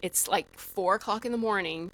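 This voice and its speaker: A woman guest on a podcast, telling a story in a lively, animated way with lots of "like" fillers. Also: mid-range voice, moderate pace, low-quality recording. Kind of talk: casual storytelling.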